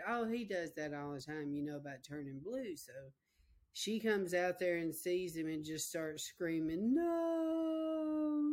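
A woman preacher, telling a personal story in a folksy, emotional way during a sermon. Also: on the low side.

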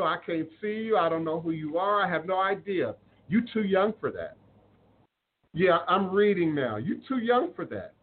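A man hosting a spiritual live stream, talking earnestly and preachily to viewers, reading their comments and repeating phrases for emphasis. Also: sits high. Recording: phone-like audio with faint noise.

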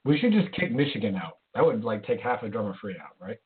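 A man's voice: fairly low pitch, big pitch swings, fast talker, heavy background noise. A man hosting a casual beer chat, easygoing and hesitant, with lots of fillers. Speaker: podcast host. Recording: lo-fi phone-like sound.

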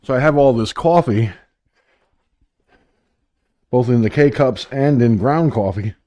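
A man hosts a call-in radio show, winded and rambling, talking himself through a scramble to get on air. His voice sits at an ordinary middle pitch. The recording is dry and close, with no room sound around him. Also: slow, mellow, dry recording. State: out of breath. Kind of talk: casual call-in show chat.

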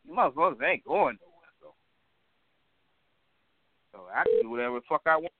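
Man, phone-line host, combative, profane, lively pitch, dry phone sound. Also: brisk, no echo. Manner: cursing, combative, repetitive.

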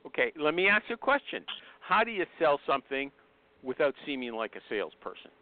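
A man's voice: fairly high pitch, sing-song, fairly quick. A man hosting a talk show who keeps pressing the others with challenging questions. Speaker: host. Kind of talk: heated debate on a call-in show. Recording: dry, tinny phone line.

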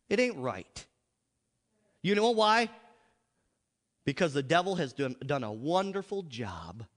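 An American man preaching a revival sermon in a church, emphatic and joking, with big swings between loud and soft. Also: medium pitch. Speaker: pastor. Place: large church sanctuary. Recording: long hall reverb.

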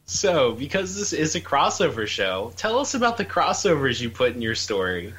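A man's voice: mid-range voice, sing-song, moderate pace, a bit bright, husky, poor audio. A man co-hosting a podcast interview, asking questions in a playful, teasing way. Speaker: podcast co-host.

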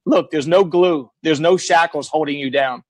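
A middle-aged man telling stories on a talk show, blunt and emphatic, with a voice pitched a bit high for a man. He repeats his points for effect, and the sound is dry and close, with no room around it. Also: normal speed, no room sound. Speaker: guest. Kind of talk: casual storytelling.

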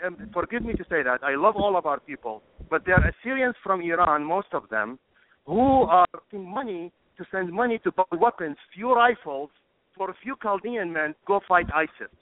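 A man with a high voice speaks with impassioned emphasis as a guest on call-in radio. He sounds tinny and thin, as if he is coming over a phone line. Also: animated, normal speed, no room sound. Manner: impassioned, emphatic, apologizes for getting emotional. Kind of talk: heated call-in radio discussion.

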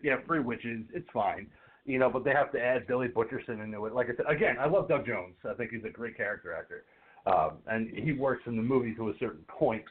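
A man co-hosting a podcast, casually picking apart a film in a profane, animated way and acting out scenes. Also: mid-range voice, quick pace. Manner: animated, profane, acts out characters. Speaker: podcast co-host. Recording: phone-like narrow audio.

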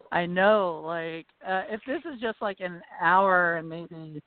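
High-voiced Virginia man over a tinny line. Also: slow pace, no echo. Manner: rambling, filler-heavy, laughs often. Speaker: podcast co-host. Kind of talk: casual chat. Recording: tinny phone-like call audio.

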